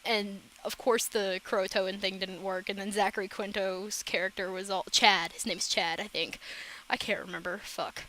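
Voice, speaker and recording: A woman's voice: medium pitch, level tone, bright, forceful tone, a little hiss or hum, low-quality recording. A woman chatting casually in a rambling, profane reaction vlog. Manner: rambling, profane, quick asides. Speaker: reaction vlogger.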